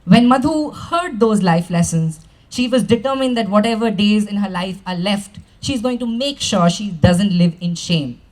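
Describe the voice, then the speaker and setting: A man's voice: high-pitched, lively intonation, normal speed, few pauses. A man, a life skills coach, giving a motivational stage talk and telling stories animatedly, acting out the voices he quotes.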